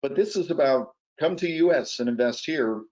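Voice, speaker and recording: A man's voice: fairly high pitch, normal speed. Male webinar presenter, persuasive and pressing, muffled video-call audio. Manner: energetic, urgent, persuasive. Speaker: guest presenter. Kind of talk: sales pitch on a webinar.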